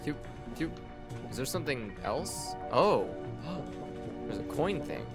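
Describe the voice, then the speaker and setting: A young man playing through a game, animated and sarcastic, bantering back at the characters with lively swings in his voice. Game music plays clearly behind him. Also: mid-range voice, slow pace. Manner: playful, sarcastic, talks to the characters. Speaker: let's play host. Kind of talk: casual gameplay commentary.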